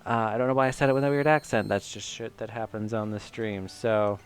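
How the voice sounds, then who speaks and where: A man's voice: on the low side, a little fast, soft background music. A man from Michigan chatting casually while streaming a video game, rambling and self-mocking with lots of fillers. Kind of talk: casual let's-play commentary.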